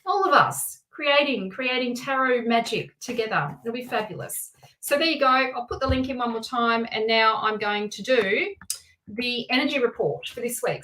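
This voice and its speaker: Chatty lady doing a live tarot stream, kinda high voice, keeps restarting her sentences cause she's so excited. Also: low-quality recording. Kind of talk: casual live-stream chat.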